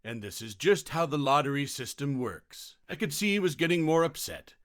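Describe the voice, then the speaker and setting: A man's voice: fairly high pitch, big pitch swings, normal speed, a bit bright, no echo, studio quality. A man narrating retail stories from an online forum in a scripted reading style.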